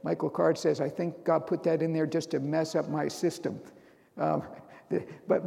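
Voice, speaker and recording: A man preaching a sermon, who reads scripture aloud and rises to loud, emotional bursts. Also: a little high, little pitch movement, moderate pace, vocal fry, long reverb tail.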